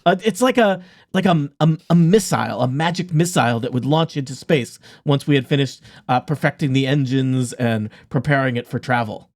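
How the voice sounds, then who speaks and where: A man's voice: mid-range voice, normal speed, no echo, clean studio sound, lightly acted. A man voicing a flustered gnome cultist who stammers and defends himself. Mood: explaining.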